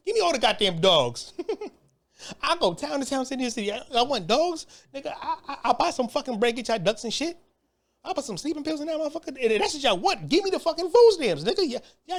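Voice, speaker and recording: Heated profane ranter with lively pitch. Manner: heated, stammering repetitions, profane. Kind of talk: profane comedic rant.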